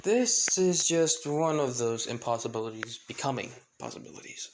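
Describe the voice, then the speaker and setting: Casting: a man voicing a calm young hero, plain and explanatory. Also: mid-range voice, normal speed, a little hiss or hum, natural voice, rough recording.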